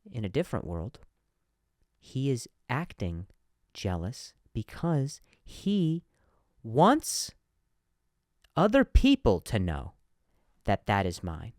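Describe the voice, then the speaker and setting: A man's voice: lowish voice, sing-song, slow, pauses often, darkish tone, no room sound, studio quality. A man hosting a comedy podcast, telling stories in a monologue, with a stutter and frequent repeated words and restarts.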